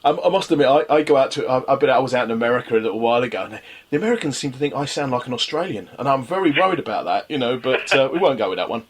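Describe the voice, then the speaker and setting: Imagine a man from London hosting a local radio interview. His voice sits mid-pitch, and he circles around his questions, stumbling and restarting often. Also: animated, very fast, slightly rough. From London, England. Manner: rambling, full of restarts. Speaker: radio host.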